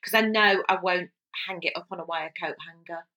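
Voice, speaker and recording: A woman co-hosting a chat podcast, with a bright, clear voice. She teases her co-host and drops quick jokes in casual talk. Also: on the low side, fairly even intonation.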